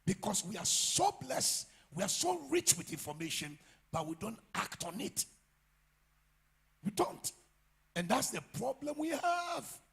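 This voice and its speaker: A man with a Ghanaian English accent preaching a sermon as pastor, swinging from quiet asides to loud shouts. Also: sits high, sing-song, measured pace, vocal fry, slightly rough. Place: church.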